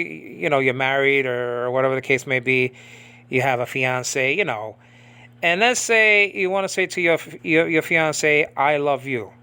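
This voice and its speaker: A man's voice: a little high, sharp tone, smooth. Rambling man teaching a Bible lesson. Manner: rambling, many fillers, keeps asking "you understand what I'm saying?"; recites Greek slowly and deliberately. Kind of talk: informal Bible study talk. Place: in the Philippines.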